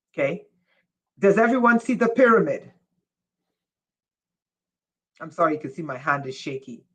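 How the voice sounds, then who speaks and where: A woman giving a live-streamed spiritual lecture, speaking emphatically, repeating key lines slowly for effect, and asking her viewers questions as she goes. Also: lowish voice, poor audio. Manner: asks listeners questions. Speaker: spiritual teacher.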